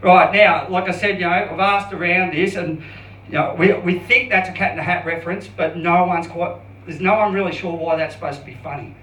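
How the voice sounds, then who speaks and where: A man around fifty doing an open mic stand-up set, self-deprecating and halting, with many restarts. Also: high voice, steady tone, pushed and bright, distant mic, a little hiss or hum. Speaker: stand-up comedian. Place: comedy club stage. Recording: roomy club sound from off mic.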